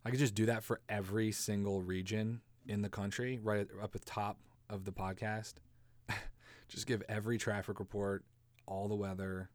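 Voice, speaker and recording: A man's voice: fairly low pitch, little pitch movement, moderate pace, no room sound. Dry-miked man riffing on a comedy podcast. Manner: rambling, sarcastic, laughs at own jokes; swears casually, slips into silly voices. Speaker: podcast host.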